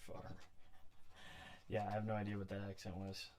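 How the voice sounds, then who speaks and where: A man's voice: deep voice, normal speed. A man building a model pirate ship on a livestream, chatting casually and muttering to himself as he works. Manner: relaxed, muttering to himself between steps. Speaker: miniature crafter livestreaming a build. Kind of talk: casual thinking aloud while crafting.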